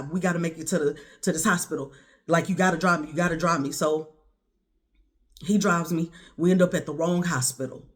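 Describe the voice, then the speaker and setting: A woman recounting a harrowing personal story straight to the camera, her voice climbing high and loud when she relives her own words, then dropping low and quiet. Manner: intense, rising to near-shouts when quoting herself.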